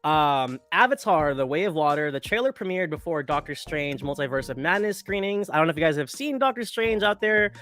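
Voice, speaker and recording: A man's voice: a little high, lively intonation, a little fast, few pauses, fairly bright tone. A man hosting a casual news chat, often stammering on restarts, wry. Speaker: podcast host.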